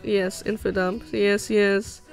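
A woman's voice: medium pitch, level tone, takes it slowly, vocal fry, clear, resonant tone, soft background music. A young woman livestreaming while she draws, chatting casually with her viewers in a bubbly, rambling way with lots of giggles and fillers. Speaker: livestreaming animator. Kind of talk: casual chat reading stream chat while drawing.

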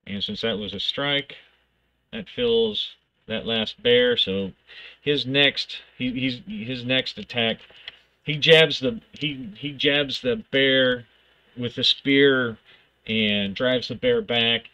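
A man's voice: medium pitch, expressive, takes it slowly, bright, forceful tone, muffled recording. A man thinking aloud as he plays a solo tabletop game, reading rules aloud and narrating the action in bursts.

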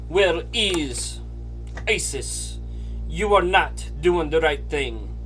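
Slow deadpan comic man. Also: on the high side. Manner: slow, deliberate, pausing for effect. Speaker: comedian.

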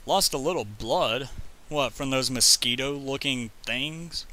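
A man giving rambling, jokey gameplay commentary, talking fast when he gets excited. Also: medium pitch. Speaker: let's play commentator.

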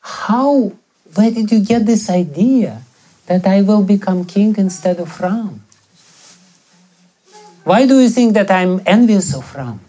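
A man's voice: a little high, expressive, slow pace, long pauses, darkish tone, full character voice. A man voicing an anguished young prince who passionately pleads his loyalty. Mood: pleading. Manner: impassioned, pleading.

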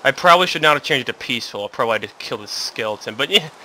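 A man hosting a casual game playthrough, muttering to himself and then breaking into yelps and shouts. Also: medium pitch, animated, rapid-fire, heavy background noise. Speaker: gaming channel host. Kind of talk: casual let's play commentary.

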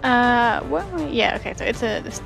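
A woman's voice: a little high, fairly quick, vocal fry, music in the background. A woman playing a tabletop game, chatty and giggly, thinking aloud about her moves. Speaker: player. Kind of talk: casual tabletop game chat.

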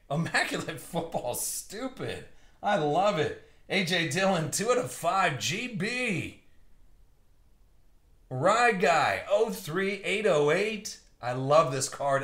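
Give me an excited young man calling out cards on a live break, in a roomy, echoey space. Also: on the high side. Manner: excited, slangy, calls out cards and buyers. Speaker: card break host. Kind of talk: live stream card break commentary. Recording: roomy echo.

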